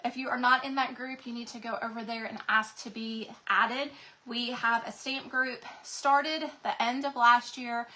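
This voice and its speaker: A woman's voice: on the high side, steady tone, measured pace, bright, forceful tone, a little hiss or hum, rough recording. A woman hosting a craft livestream, chatting and gushing to viewers, her voice cracking from a sinus infection. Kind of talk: casual livestream chat to viewers.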